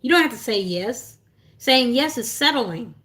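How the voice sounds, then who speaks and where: A woman's voice: on the high side, lively intonation, a little slow, a bit bright. A young woman coaching on self-love in a casual livestream, earnest and encouraging, with lots of fillers and restarts.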